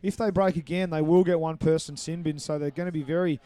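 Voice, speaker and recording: A man giving live play-by-play commentary on a match, brisk and explanatory, walking listeners through the referee's calls. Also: on the high side, steady tone, dark tone, clean tone, no room sound. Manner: brisk, explanatory, apologetic over names.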